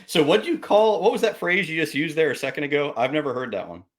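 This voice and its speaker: A man hosting a casual interview, chatty and quick to laugh, with lots of "like" filler. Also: a little high, big pitch swings. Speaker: podcast host. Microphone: video call.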